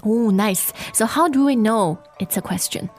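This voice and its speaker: A woman co-hosting a lesson podcast, modeling words slowly and repeating them. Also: on the high side, a little mellow. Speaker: Mandarin teacher, co-host. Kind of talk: scripted language-lesson podcast. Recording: faint music bed.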